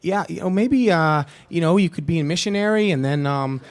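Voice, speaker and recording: Guy putting on a soft-spoken film director voice, way higher than his own, stammering and hedging, never quite saying no. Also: fairly quick, lightly acted. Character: gentle hesitant male film director.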